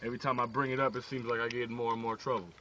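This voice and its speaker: A man voicing a cool, sulky teenage boy who mumbles in a low, dismissive voice, on a distant lo-fi phone video. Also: flat delivery, racing, bright, forceful tone, a little hiss or hum, close to an everyday voice.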